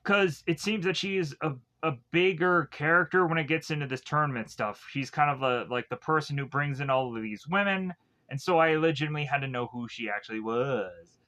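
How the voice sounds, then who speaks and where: A man's voice: a little high, brisk, sharp tone. A man recapping a film plot in a loose, casual way, full of fillers and self-corrections, paraphrasing what the characters say. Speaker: film reviewer.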